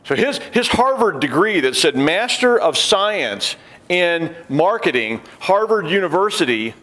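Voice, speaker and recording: Middle-aged guy on a conference stage, lively up-and-down voice, acts out the people in his stories, wry little asides. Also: high voice, measured pace. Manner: animated storyteller acting out quoted people. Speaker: conference speaker. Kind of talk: conference talk.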